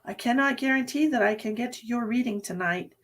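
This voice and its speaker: A woman's voice: fairly high pitch, a little fast. A woman psychic medium giving a live-streamed reading, chatty and sleepy, thinking aloud with many fillers. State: sleepy, yawning.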